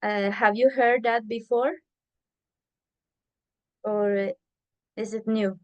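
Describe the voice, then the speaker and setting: A woman's voice: on the high side, steady tone, takes it slowly, muffled recording. A woman teaching an English class over a video call, patiently repeating herself as she explains.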